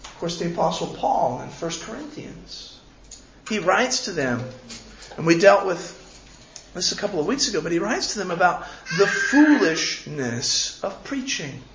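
A man's voice: high voice, big pitch swings, measured pace, a bit bright, slight background noise. A man preaching a sermon as pastor, earnest and pleading, often repeating words as he goes. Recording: echoey, slightly dull room recording.

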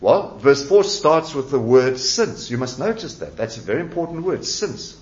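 A man's voice: mid-range voice, sing-song, normal speed. Emphatic male preacher, echoey lo-fi church. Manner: emphatic preaching, repeats key words, rising and falling delivery. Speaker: pastor. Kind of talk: sermon. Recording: echoey church hall, dull lo-fi sound.

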